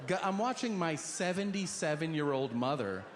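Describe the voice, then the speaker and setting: A man's voice: a little high, lively intonation, normal speed, slight background noise. A man comedian telling a stand-up story, laughing through it as he goes. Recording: echoey room with loud ambience.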